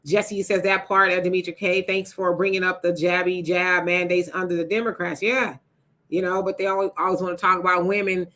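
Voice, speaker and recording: A woman's voice: lowish voice, flat delivery, a little fast, fairly bright tone. A woman hosting a live stream, reading viewer comments aloud and answering them in a chatty, casual way. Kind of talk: casual livestream chat.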